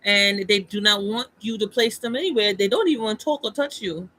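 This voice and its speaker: A man's voice: high voice, fairly quick, sharp tone, low-quality recording. A man talking casually on a livestream, emphatic and rambling, with frequent restarts. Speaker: streamer.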